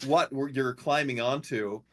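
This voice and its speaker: A man narrating a tabletop game as game master, halting with many fillers. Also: medium pitch, a bit bright, a little hiss or hum.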